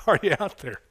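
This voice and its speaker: A middle-aged man delivers a fervent sermon, repeatedly calling out for amens. He swings between soft asides and loud bursts.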